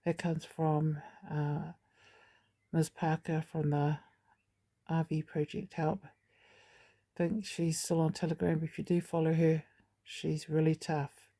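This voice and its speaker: A woman talks to her viewers in a chatty, rambling way, drifting into asides. Her voice sits low and carries a gravelly fry, with a mellow, darker tone. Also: little pitch movement, slow pace, pauses often. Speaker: channel host. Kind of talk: casual vlog update.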